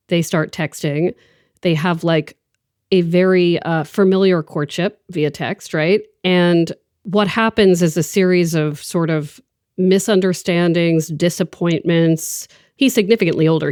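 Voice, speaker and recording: A woman hosting a podcast, chatting enthusiastically with her guest and telling stories with lively asides. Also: fairly low pitch, no room sound, clean studio sound. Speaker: podcast host. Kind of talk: conversational podcast interview.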